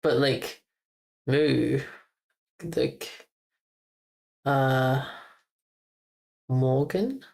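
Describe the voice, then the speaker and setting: Streamer voice, super slow and gravelly, repeating words again and again, chuckles now and then. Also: medium pitch, steady tone. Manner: slow, repetitive drilling of words, chuckles and mild swearing. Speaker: streamer learning German. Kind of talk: casual live-stream pronunciation practice.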